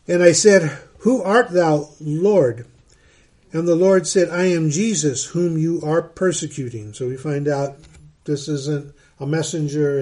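A man's voice: on the high side, mellow. A man, a middle-aged pastor, reading Bible verses and explaining them in a conversational teaching style, often repeating words as he thinks.

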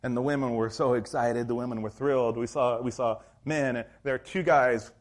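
A male pastor preaching a sermon in a church, telling the story in a lively, acted-out way. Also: mid-range voice, moderate pace. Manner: animated storytelling, acts out scenes.

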